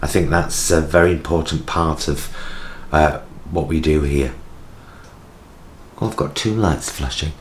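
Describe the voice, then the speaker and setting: Deep-voiced British man in his forties. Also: measured pace, long pauses, a little hiss or hum. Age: 40s. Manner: rambling, chatty, self-mocking. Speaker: vlogger. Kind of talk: casual chat to camera. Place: home kitchen. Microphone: vlogging camera.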